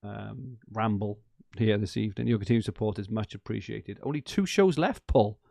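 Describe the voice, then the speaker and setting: Podcast host, low raspy-edged man, keen and rambling, dry close sound. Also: moderate pace, darkish tone, dry recording. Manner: enthusiastic, rambling, laughs often. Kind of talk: casual chat.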